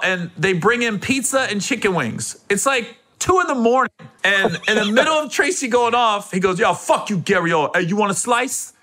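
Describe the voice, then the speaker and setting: A man hosting a podcast with a high, bright voice. He tells stories with lively swings of pitch and slips into other voices as he goes. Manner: animated, laughing, acts out other voices. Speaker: podcast host. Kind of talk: casual chat, comic storytelling.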